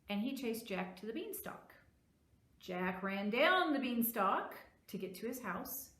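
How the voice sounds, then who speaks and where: Woman librarian, lively story-time reader for small kids, bright voice, echoey room. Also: fairly high pitch, moderate pace. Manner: animated, asks children questions. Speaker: children's librarian. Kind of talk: virtual children's story time.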